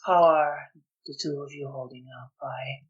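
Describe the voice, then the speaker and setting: A storyteller voicing a weary, guilt-ridden man who speaks in a quiet, halting, resigned way in a tabletop game. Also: medium pitch, steady tone, breathy edge, muffled recording, pitched below the performer's own voice, natural voice.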